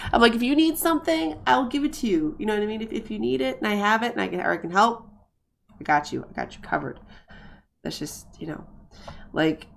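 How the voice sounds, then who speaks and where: A woman streamer talks her way through a life-sim game, chatty and rambling, circling back and restarting her sentences. Her voice sits in a middle register, with a gravelly fry running through it. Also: medium pitch, fairly quick, long pauses, fairly bright tone.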